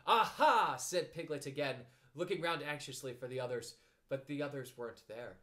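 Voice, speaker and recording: A man narrating a children's storybook in a gentle, expressive way. His voice sits a little high for a man and moves in lively rises and falls. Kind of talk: storybook reading.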